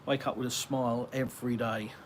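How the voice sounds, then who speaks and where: A man's voice: mid-range voice, level tone, brisk, a little hiss or hum. An English man from Britain hosting a casual live Q&A from his garden, rambling and chatty with many ums and uhs as he reads viewer comments aloud. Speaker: live-stream host answering viewer chat.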